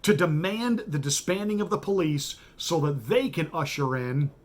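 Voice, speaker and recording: A man's voice: on the high side, lively intonation, normal speed. A man, a pastor hosting a radio show, giving a blunt, sarcastic political monologue with emphatic repetition.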